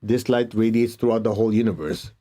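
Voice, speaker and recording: A man teaching and leading a guided meditation, giving calm, gentle instructions and prayers. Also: on the low side, fairly quick.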